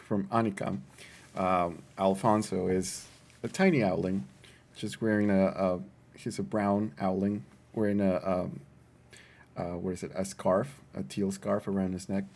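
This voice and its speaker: A player describing his character in a tabletop game, halting often to search for words and sounding amused. His voice sits low and comes through with a gravelly rasp. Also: level tone, a little mellow.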